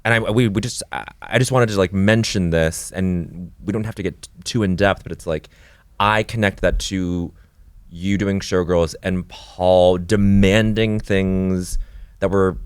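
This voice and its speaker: Male podcast host, deep voice; halting and conversational, lots of restarts. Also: steady tone, smooth, no room sound.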